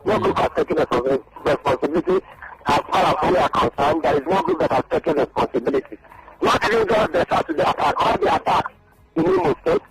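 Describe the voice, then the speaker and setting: A man's voice: on the high side, sing-song, fast talker, gravelly, loud music behind the voice, low-quality recording. A man, a journalist guest on a radio interview, making his points emphatically and repeating them. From Nigeria.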